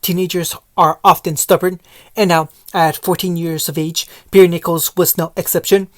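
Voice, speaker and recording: A woman's voice: on the low side, steady tone, moderate pace, no echo. A woman reading a fan fiction story aloud, often stumbling over words and correcting herself. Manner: frequent stumbles and self-corrections while reading. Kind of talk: storybook narration read aloud.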